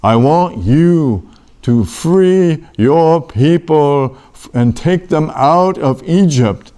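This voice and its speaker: A man voicing a solemn divine voice speaking from a burning bush, slow and deliberate. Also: a little high, expressive, mellow, clean tone.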